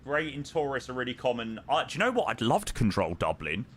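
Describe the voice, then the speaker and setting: Young man, casual joking chatter, lively swings in pitch. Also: quick pace, slight background noise. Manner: chatty and joking, sings along to music. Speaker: flight sim streamer. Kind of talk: casual chat.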